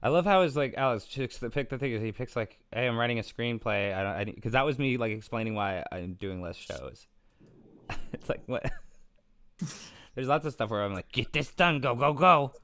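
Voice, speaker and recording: Man hosting a livestream, teasing and laughing a lot, lively up-and-down delivery at a middling pitch. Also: normal speed. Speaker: livestream talk show host. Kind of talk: casual chat.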